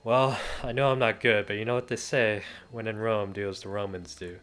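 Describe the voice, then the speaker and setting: A man's voice: lowish voice, steady tone, brisk, fairly bright tone, faint music behind, close to an everyday voice. A man voicing a flustered young man who talks in a clumsy put-on dialect, in a whiny, overdone, strained way. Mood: defensive.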